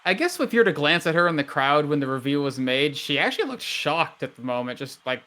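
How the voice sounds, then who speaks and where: Guy game mastering, rambly descriptions, bit high voice. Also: sing-song, fast talker, pushed and bright. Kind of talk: narrating a tabletop game.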